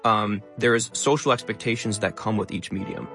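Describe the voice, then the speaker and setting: A young man talking fast and stressing many words as a content creator guest in an interview. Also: lowish voice, fairly even intonation, creaky, a bit bright, faint music behind. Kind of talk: interview conversation.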